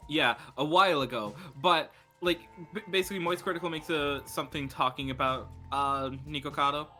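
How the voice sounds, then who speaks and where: A man's voice: fairly high pitch, a little fast, sharp tone, faint music behind. A man chatting on a stream as a guest, telling stories with casual swearing. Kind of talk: casual chat.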